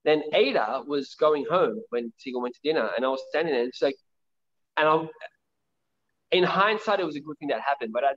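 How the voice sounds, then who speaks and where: A man's voice: on the high side, expressive, brisk, fairly bright tone. A man who teaches martial arts, telling stories in a casual interview with many restarts. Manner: rambling with frequent restarts. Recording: dull lo-fi audio.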